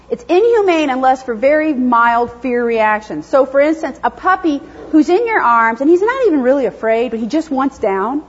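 A woman gives a conference lecture on animal behavior in a high, slightly husky voice. She talks in a chatty, self-deprecating way and laughs often. The recording sounds dull and lo-fi. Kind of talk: conference lecture with audience questions.

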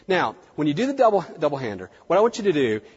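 A man's voice: on the high side, big pitch swings, fast talker, darkish tone, breathy edge. A man with a Southern US accent giving a conversational seminar lecture, repeating words as he demonstrates on stage. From American South. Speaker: workshop presenter. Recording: dull recording in a large reverberant hall.

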